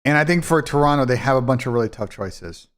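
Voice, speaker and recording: A man's voice: medium pitch, expressive, quick pace. A man hosting a live esports watch party in casual, blunt, profane talk that rambles and restarts. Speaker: esports streamer and commentator.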